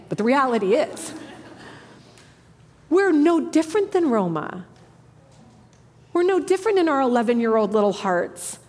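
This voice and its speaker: A woman in her thirties preaching a sermon with passion, moving between hushed, soft lines and emphatic ones. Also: sits high. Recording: long hall reverb.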